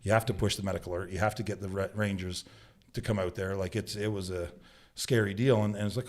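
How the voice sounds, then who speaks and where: This Canadian bushman, a guest on a podcast, speaks in a low, fast voice while spinning casual stories in a laid-back studio chat. He animates his tales by performing the quotes and frequently tosses in "right?"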